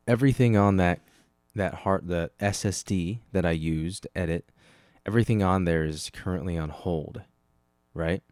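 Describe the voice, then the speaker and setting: Low-voiced man rambling on his podcast. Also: darkish tone, no echo. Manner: rambling, self-correcting, talks to himself. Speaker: podcast host. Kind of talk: casual solo podcast chat.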